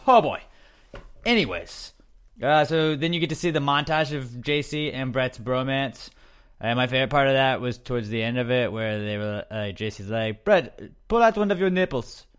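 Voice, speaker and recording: A man's voice: medium pitch, steady tone, normal speed, a bit bright, clean tone. A young man hosting a podcast, recapping in a loose, joking, rambling chat full of fillers. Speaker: podcast host.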